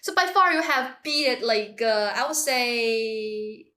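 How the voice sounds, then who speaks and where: A woman from southern China teaches a pronunciation lesson, speaking English. Her voice is bright and sits fairly high. She talks slowly and patiently, keeping a playful, encouraging tone and praising her students often. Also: animated. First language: Chinese. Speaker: Chinese teacher. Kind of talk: language lesson.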